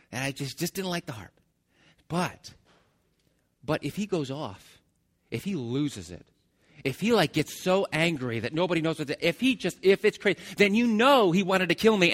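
A man's voice: on the high side, a bit bright, in a large hall. A man preaching a sermon, retelling a story with restarts and asides to the congregation. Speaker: pastor.

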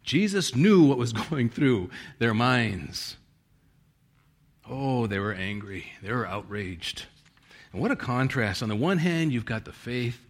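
A male pastor preaching a sermon, reading scripture with strong emphasis and chuckling now and then. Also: mid-range voice.

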